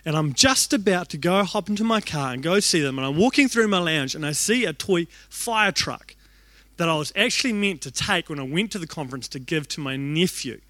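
High-voiced young New preacher. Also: male voice, a little fast, no room sound. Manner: animated, acts out quoted thoughts, self-deprecating humor. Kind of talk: storytelling sermon.

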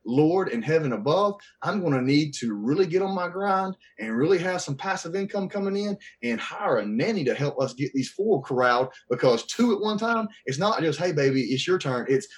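Animated man telling a story. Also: fairly high pitch, brisk, few pauses. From Southern US. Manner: animated, acts out quoted voices. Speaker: podcast guest. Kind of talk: casual storytelling.

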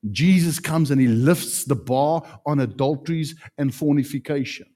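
A man preaching a sermon as pastor, emphatic, with sudden loud peaks. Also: on the high side, unhurried.

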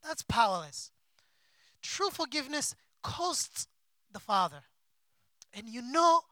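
A man preaching a sermon as a pastor, with impassioned delivery and big swings between soft and loud. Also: very high-pitched, no room sound. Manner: acts out quoted figures in his own voice. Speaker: pastor and missionary.

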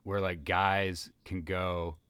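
A man's voice: low voice, level tone, slow pace, a bit bright, smooth, dry recording. A man co-hosting a comedy podcast, rambling through jokes in casual chat. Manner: rambling, many fillers and restarts. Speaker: podcast co-host.

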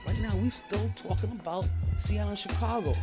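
A man's voice: high voice, wildly swooping pitch, fairly quick, loud music behind the voice. A man hosting a sports podcast, ranting in casual commentary, repeating himself and rattling off stats. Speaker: podcast host.

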